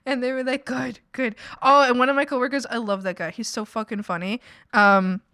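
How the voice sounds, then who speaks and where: A woman's voice: a little high, fairly even intonation, fairly quick, pushed and bright, clean tone, dry recording, studio quality. A young woman streamer telling rambling stories about her coworkers in casual chat, giggling often and quoting people in her own voice.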